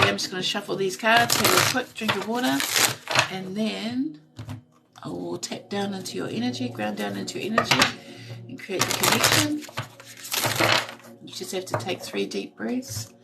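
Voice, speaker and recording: A woman giving a live intuitive card reading, talking in a soft, slow, meditative way and reading card text aloud. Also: medium pitch, creaky, recorded from a distance, poor audio.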